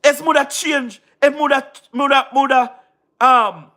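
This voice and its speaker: A man from Jamaica with a Jamaican Patois accent, livestreaming casually, giving shout-outs to viewers and repeating himself emphatically. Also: very high voice, steady tone, unhurried. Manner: repetitive, keeps asking "you understand what I mean", emphatic. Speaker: YouTube live streamer.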